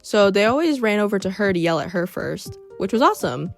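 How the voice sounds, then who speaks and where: A woman's voice: mid-range voice, sing-song, a little fast. A young woman narrating a storytime vlog in a wry, sarcastic way. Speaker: vlogger. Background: faint background music.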